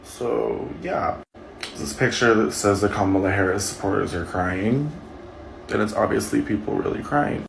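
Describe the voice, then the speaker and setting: A man's voice: on the low side, moderate pace, vocal fry, slight background noise. A man ranting in a vlog, close to tears, angry and swearing as he speaks. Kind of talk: emotional vlog rant. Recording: echoey room.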